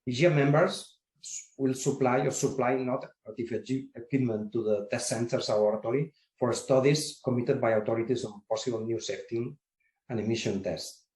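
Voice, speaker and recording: A man, secretary general of an industry association, answering interview questions in a formal, measured way with occasional restarts. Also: medium pitch, steady tone, darkish tone. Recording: roomy echo.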